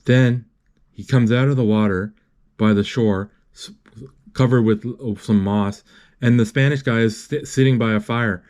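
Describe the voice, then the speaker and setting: A man's voice: mid-range voice, fairly even intonation, darkish tone. A man recapping a film scene by scene while it plays. He stumbles often, breaks off mid-word and corrects himself, in a plain, casual way of talking. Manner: halting, with many restarts and self-corrections. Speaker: movie recapper. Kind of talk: live retelling of a movie as he watches.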